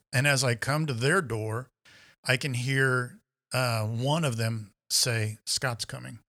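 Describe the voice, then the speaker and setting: A man on a podcast telling a story in casual chat, acting out the voices of the people in it. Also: medium pitch. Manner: animated storyteller, acts out quoted voices.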